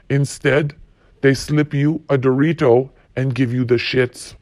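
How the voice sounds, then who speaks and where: A man's voice: mid-range voice, fairly even intonation, measured pace, a little mellow, dry recording. A man hosting a solo podcast, ranting bluntly and profanely while reading quotes. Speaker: podcast host.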